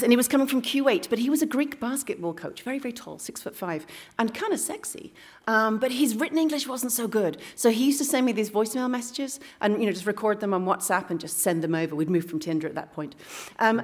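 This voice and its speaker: A woman telling a candid personal story on stage in a playful way, dropping into hushed asides. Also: medium pitch, a little hiss or hum. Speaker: story slam finalist.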